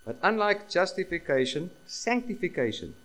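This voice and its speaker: Emphatic preacher man, slightly high voice. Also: big pitch swings, normal speed, fairly bright tone, poor audio. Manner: emphatic, repeats key phrases, asks rhetorical questions. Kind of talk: sermon.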